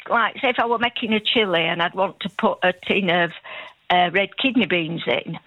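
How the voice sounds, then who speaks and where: A woman's voice: on the low side, no room sound. An older woman with a Yorkshire accent, calling in to a radio phone-in and chatting in a homely, rambling way. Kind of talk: casual phone-in chat. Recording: muffled phone-in line.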